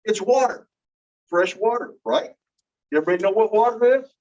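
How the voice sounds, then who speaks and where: A man's voice: high voice, normal speed, a little mellow. Man lecturing a class from a distance. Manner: explanatory, asks the class questions. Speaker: teacher. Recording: distant, dull room recording.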